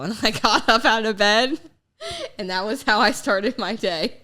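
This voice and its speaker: A woman's voice: medium pitch, measured pace, pushed and bright. A young woman co-hosting a podcast in casual, sardonic chat, swearing freely and sniffly from a cold. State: getting over a cold, sniffly. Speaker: podcast co-host, trainer.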